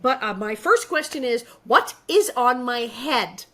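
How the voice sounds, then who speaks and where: A woman in her sixties co-hosting a podcast, recapping an episode in lively, self-mocking stories. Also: a little high, a little slow, a loud crowd. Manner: animated, self-mocking storytelling. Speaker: podcast co-host. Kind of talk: casual chat recap. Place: podcast recording.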